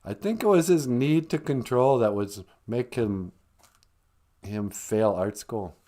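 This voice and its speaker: A man hosting a comedic live stream, rambling with chuckles and deadpan asides. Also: medium pitch, slow. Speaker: host of a live stream show.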